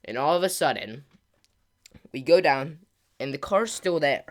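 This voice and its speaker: In a slightly high voice at a slightly slow pace, a man hosting a gaming channel tells a rambling story over his gameplay. He leans on fillers and mild slang, and the closer the story gets to its peak, the louder and more excited he becomes.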